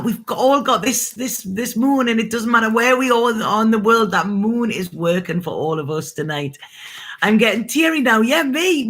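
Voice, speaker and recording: A woman who reads tarot, talking to her viewers in a casual, earnest live stream about love and purpose, laughing easily and swearing now and then. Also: medium pitch. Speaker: tarot reader hosting a live reading.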